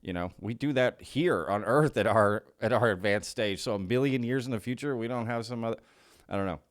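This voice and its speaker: A man's voice: mid-range voice, fairly quick, no echo, clean studio sound. A man hosting a commentary video, musing aloud with many questions and restarts, laughing now and then. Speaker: commentary host. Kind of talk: casual reaction commentary.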